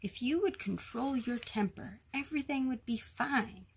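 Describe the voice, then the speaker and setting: A woman voicing a steady man who firmly tells a hothead to control his temper. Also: vocal fry, slight background noise, low-quality recording. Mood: calming. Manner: firm, then lowered and measured.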